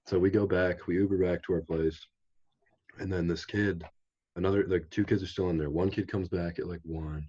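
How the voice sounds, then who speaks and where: A young man with an extremely low, husky voice tells a story in a loose, rambling way with plenty of "like" and "um". He is a guest on a casual podcast, recorded with dull, lo-fi audio. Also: steady tone, moderate pace, darkish tone. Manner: rambling, laid-back storytelling with many fillers.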